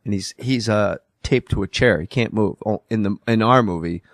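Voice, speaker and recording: A man chatting on a podcast, telling animated stories and dropping his voice as he recalls anecdotes. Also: normal speed, no room sound, clean studio sound. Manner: animated storyteller with sudden pitch drops. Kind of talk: casual podcast chat, storytelling.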